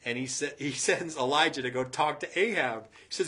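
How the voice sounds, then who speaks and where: A man preaching a sermon, retelling a story dramatically with chuckling asides and loud, emphatic quoted lines. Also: on the high side, a little fast, hardly any pauses.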